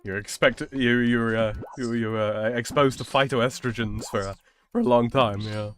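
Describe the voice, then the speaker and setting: A man hosts a relaxed game stream with a voice of ordinary pitch. He rambles through his opinions and often stops to restart a sentence. Faint music plays behind him. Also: moderate pace. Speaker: streamer host. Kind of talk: casual chat while gaming.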